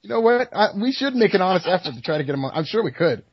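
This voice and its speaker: A man's voice: high-pitched, very animated, racing, husky, dry recording. A man co-hosting a sports podcast, recapping a news story casually and trading banter. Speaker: podcast co-host. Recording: dry, dull lo-fi podcast audio.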